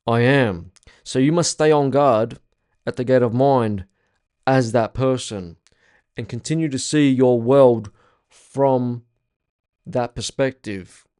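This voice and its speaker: A man's voice: mid-range voice, slow pace, long pauses, a little mellow, clean tone. A young man teaching a spiritual workshop in a casual, blunt way, swearing freely and repeating his points with emphasis.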